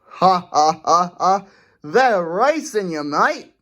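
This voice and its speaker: A woman's voice: mid-range voice, big pitch swings, slow pace, fairly bright tone, muffled recording, pitched above the performer's own voice, heavily acted. A woman doing a friendly easygoing male engine.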